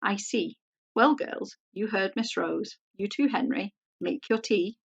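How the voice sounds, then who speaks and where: A woman's voice: medium pitch, animated, unhurried, creaky, slightly rough, dry recording, lo-fi sound, full character voice. A woman voicing a stern upper-class mother with a formal, commanding manner. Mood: curt.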